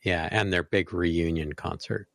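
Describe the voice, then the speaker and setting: Low-voiced dude in his 40s, chill and jokey, dry close mic. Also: fairly even intonation, a little slow, vocal fry, no room sound. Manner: easygoing, short agreeing replies, joking. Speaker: podcast co-host. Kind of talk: casual chat.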